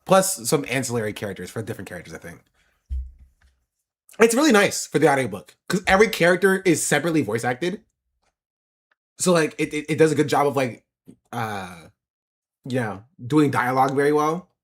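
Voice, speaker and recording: A male streamer talks casually with his chat, answering questions as they come in. His pitch swings widely, and he laughs a lot and repeats himself to drive a point home. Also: very animated, fairly quick, pauses often. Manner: laughs often and repeats phrases for emphasis.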